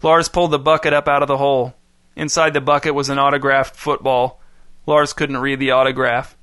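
A man reading a story aloud in steady, even scripted narration. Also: mid-range voice, brisk, smooth, no echo, studio quality.

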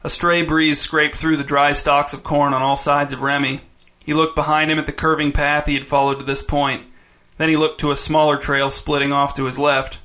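Bright, even-toned male story narrator. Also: fairly high pitch, normal speed. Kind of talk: scripted narration.

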